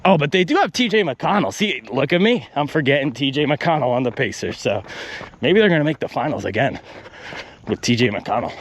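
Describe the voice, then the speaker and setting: A man's voice: medium pitch, very animated, fairly quick. A man vlogging while out on a run, ranting animatedly and working through his pace math aloud. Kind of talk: casual vlog rant while running. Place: outdoors on a run.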